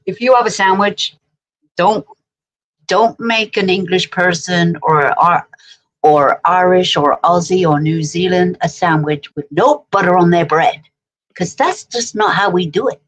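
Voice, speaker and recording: A woman's voice: fairly low pitch, measured pace, low-quality recording. Playful, chatty woman co-host. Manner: playful, chatty, tells anecdotes. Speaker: livestream co-host. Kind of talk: casual livestream chat.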